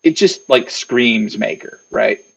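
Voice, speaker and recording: A man's voice: mid-range voice, lively intonation, takes it slowly, highs cut off. A man narrating a tabletop game as game master, meandering with lots of fillers.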